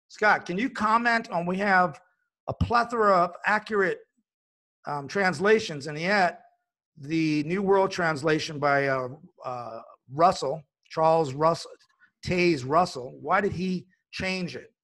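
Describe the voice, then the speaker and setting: A man's voice: a little high, unhurried, sharp tone. A man hosting a religious broadcast, talking in an earnest, emphatic way with frequent fillers and restarts. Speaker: host.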